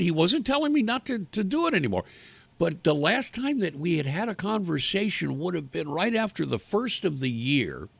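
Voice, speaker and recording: A man with a somewhat high, gravelly voice hosts a talk show from his living room, recorded dry with no echo. He rambles bluntly and crudely in a casual livestream monologue, restarting often.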